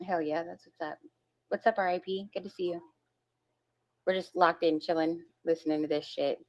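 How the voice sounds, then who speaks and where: A woman's voice: on the low side, steady tone, normal speed, a little mellow. A woman hosting a casual reaction stream, blunt and brash, with heavy swearing. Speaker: stream host. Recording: slightly muffled lo-fi audio.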